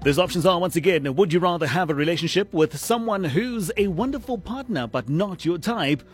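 Energetic radio host. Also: male voice, high voice, a little fast, soft background music. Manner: energetic, mixes English with Zulu slang. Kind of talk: lively morning radio chat.

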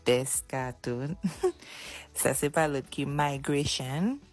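A woman's voice: a bass voice, slow, faint music behind. A woman leaving a chatty, giggly voice message for a radio show. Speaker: caller sending a voice note. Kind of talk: casual voice message.

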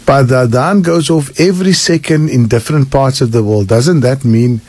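Husky radio host. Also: male voice, mid-range voice, normal speed, darkish tone, no echo. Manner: reads questions aloud, brief affirming hums. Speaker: radio host reading listener questions. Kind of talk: radio call-in Q and A. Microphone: radio studio microphone.

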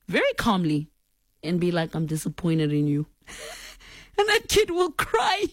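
A woman's voice: medium pitch, no echo. A woman in her thirties with a South African accent, hosting a call-in radio show and chatting playfully with her listeners. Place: radio studio. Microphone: studio microphone.

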